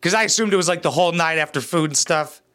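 A man's voice: a little high, quick pace, a bit bright. A man giving crude, sarcastic reaction commentary as a YouTuber, blunt and full of swearing.

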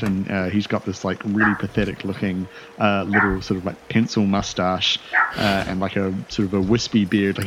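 A man's voice: on the low side, lo-fi sound, heavy background noise. A man narrating a tabletop game as game master, in a loose, rambling way full of fillers.

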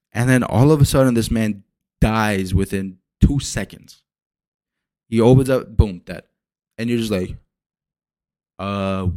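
A young man hosting a solo podcast, rambling and swearing as he retells movie scenes with lively energy. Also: medium pitch, dry recording. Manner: rambling, profane, animated retellings. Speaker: podcast host. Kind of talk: casual solo podcast rant.

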